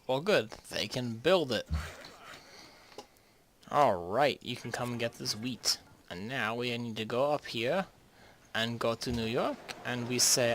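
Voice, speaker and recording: Man, gravelly voice, mid pitch, rambling jokey game commentary, faint hiss. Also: animated, a little slow. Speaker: gaming video host. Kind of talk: casual strategy-game commentary.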